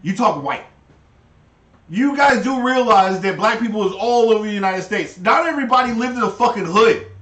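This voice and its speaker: A man's voice: sits high, a little fast, hardly any pauses, a bit bright, far from the mic. A man co-hosting a casual livestream, ranting heatedly and swearing often. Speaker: stream co-host. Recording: roomy, off-mic sound.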